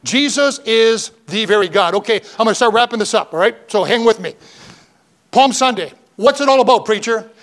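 A man's voice: high-pitched, animated, fairly quick, a bit bright. A man preaching a sermon as pastor, fervent and rising in emphasis, reading scripture aloud in old-fashioned wording.

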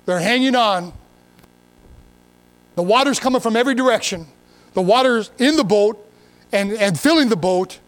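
A man's voice: high voice, animated, normal speed, long pauses. A pastor preaching a sermon in a folksy, emphatic way, full of repeats and asides, reading scripture and talking straight to his listeners.

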